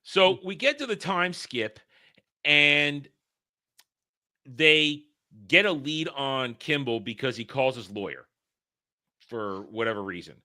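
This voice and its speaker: A man's voice: medium pitch, animated, slow pace, long pauses, bright, forceful tone. A man hosting a casual film discussion, rambling and stumbling over words as he laughs along. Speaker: podcast host.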